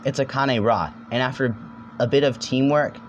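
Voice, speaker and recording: A young man with a mid-range, steady voice narrates a laid-back comedic video essay, rambling, joking, and swearing here and there while tossing in quick silly voices. There's a slight hiss or hum in the recording.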